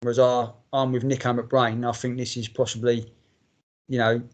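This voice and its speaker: A man's voice: medium pitch, level tone, normal speed, muffled recording. A man co-hosting a casual podcast, blunt and matey, swearing often. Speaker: podcast co-host. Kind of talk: casual chat.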